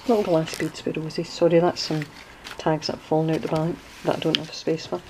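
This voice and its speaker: Showing off a handmade journal, a woman from Scotland speaks casually in her Scottish accent and drifts into explanations of local sayings for the video. Her voice is deep and level, a little fast, with background noise audible.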